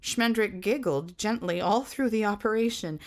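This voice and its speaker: A woman reads a fantasy novel aloud, narrating in a measured, expressive manner. Her delivery is that of a storybook reader taking her time over each passage. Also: mid-range voice.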